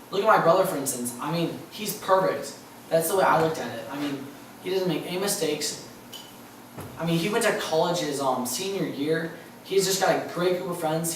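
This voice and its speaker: A man's voice: a little high, distant mic, slight background noise. A young man giving an earnest, emotional personal faith testimony, often repeating himself. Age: young adult. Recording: very echoey hall, voice off-mic.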